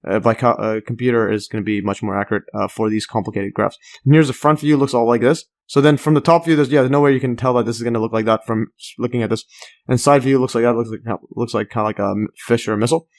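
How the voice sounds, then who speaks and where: A man talking through a math lesson over his screen, thinking out loud with lots of "uh"s and restarts. His pitch sits in the middle for a man. He breaks in now and then with eager little asides about how cool the graphs look. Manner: rambling, many fillers and restarts, enthusiastic asides. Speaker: math tutor.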